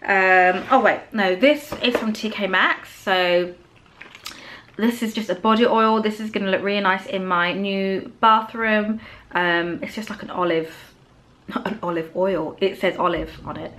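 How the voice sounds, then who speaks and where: A woman's voice: mid-range voice, a little slow, a bit bright, a little hiss or hum. A young woman vlogging, chatting casually through a show-and-tell of her products with lots of ums and likes. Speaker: beauty vlogger.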